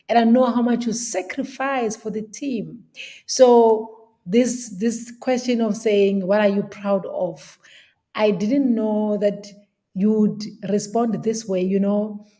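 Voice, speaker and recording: A woman team leader interviewing her coach over a video call, earnest and halting with many fillers. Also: medium pitch, dark tone. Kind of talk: heartfelt interview talk.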